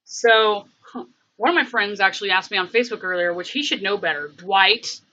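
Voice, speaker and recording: A woman's voice: mid-range voice, a little fast, pushed and bright, highs cut off. A woman hosting a casual livestream, rambling and thinking aloud with many fillers. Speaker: livestream host.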